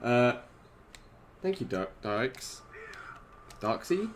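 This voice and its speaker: A young man streaming a fighting game, chatting with viewers in a casual, excitable way and laughing often. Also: medium pitch, extremely slow, slight background noise. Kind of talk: casual gaming stream chat.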